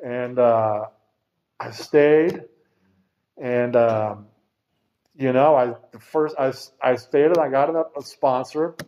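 A middle-aged man with a warm, medium-pitched voice gives a personal recovery testimony at a meeting, speaking slowly with long pauses. He is rambling and frank, dropping casual swear words, and the lo-fi recording sounds dull.

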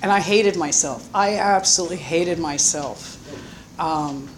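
Halting Southern woman telling her story. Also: low-pitched, slight background noise. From Florida, US. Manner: halting, with many pauses and fillers. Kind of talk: personal life story, told unscripted.

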